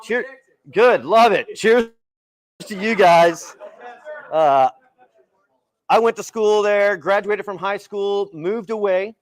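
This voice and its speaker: A man giving a casual, animated storytelling keynote to a live audience at an event hall. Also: high voice, slow, pauses often. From El Paso, Texas. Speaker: keynote speaker. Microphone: handheld mic, partly without it.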